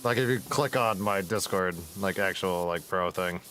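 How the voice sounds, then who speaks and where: A man's voice: sits low, moderate pace, a bit bright, a little hiss or hum. A man chatting casually while playing a game, rambling and swearing freely. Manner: rambling, profane, laughs at his own stories. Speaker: gaming streamer. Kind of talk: casual gameplay commentary.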